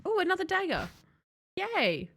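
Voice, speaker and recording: A woman's voice: very high-pitched, huge pitch swings, unhurried, vocal fry, a bit bright, slight background noise. A young woman giving chatty, sarcastic let's-play commentary, talking to the game's hero and to her chat. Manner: chatty, sarcastic, talks to the game character and chat. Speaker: streamer.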